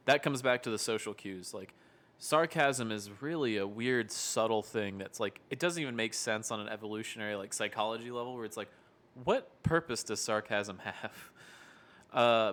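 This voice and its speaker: Lower-voiced man explaining things plainly. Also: a bit bright. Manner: explanatory, laughs easily. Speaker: behavioral therapist, podcast co-host. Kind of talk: casual podcast chat.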